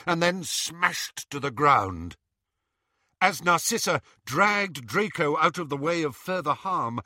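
Animated, dramatic male storyteller. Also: a little high, no room sound, clean studio sound. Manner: animated, dramatic reading with voices. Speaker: audiobook narrator. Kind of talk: storybook narration.

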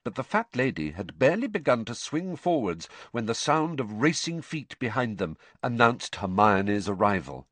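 Expressive male audiobook narrator. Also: medium pitch, moderate pace, few pauses, no echo.

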